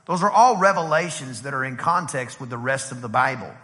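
Bright-voiced preacher man in a reverberant church. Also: mid-range voice, a little fast. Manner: animated, conversational preaching with acted-out quotes. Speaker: pastor. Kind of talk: sermon. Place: church sanctuary. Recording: long hall reverb from a church.

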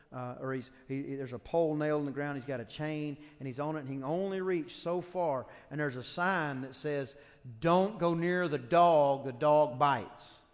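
A fairly high-voiced man preaching a sermon in a church sanctuary. His words ring out with a long hall reverb as he tells stories and builds into loud, fervent preaching. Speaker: pastor.

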